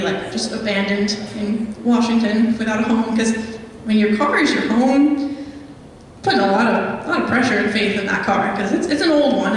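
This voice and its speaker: A woman's voice: medium pitch, slight background noise. A young woman, a guest speaker, telling a chatty story with many ums to a live audience. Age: young adult. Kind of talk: live talk with audience questions. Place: meeting hall. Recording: echoey hall from far off.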